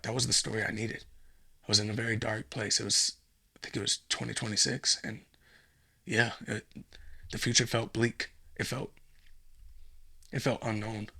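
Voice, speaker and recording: A man voicing a gruff male robber who talks in a hushed, low mutter. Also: expressive, a little fast, full character voice. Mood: wistful. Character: gruff male home-invading robber, soft and nostalgic.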